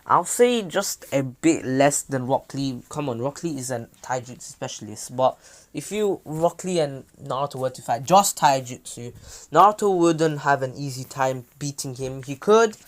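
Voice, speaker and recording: A man's voice: medium pitch, expressive, normal speed. A man casually retelling a fan-made story, rambling with many fillers and self-corrections.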